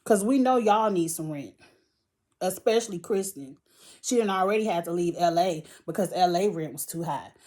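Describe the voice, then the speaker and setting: A woman's voice: lowish voice, expressive, moderate pace, mellow. Blunt, profane woman ranting. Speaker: reality TV reviewer. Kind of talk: ranting commentary vlog.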